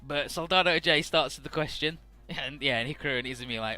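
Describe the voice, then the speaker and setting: A man's voice: on the high side, quick pace, bright, forceful tone, faint music behind. A man casually narrating and recapping a video game story, rambling and swearing now and then. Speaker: let's play host.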